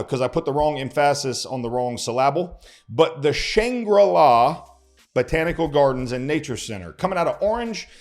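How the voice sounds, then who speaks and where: A man hosting a casual vlog, folksy and chatty, often repeating words as he goes. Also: medium pitch. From Texas. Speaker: host, local lender. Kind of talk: casual vlog talk to camera.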